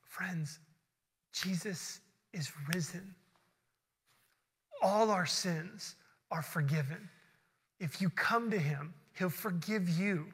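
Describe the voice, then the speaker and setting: A man preaching a sermon as a pastor, telling a personal story with earnest energy that builds into quick excited bursts before settling into prayer. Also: high-pitched, long reverb tail. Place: church sanctuary.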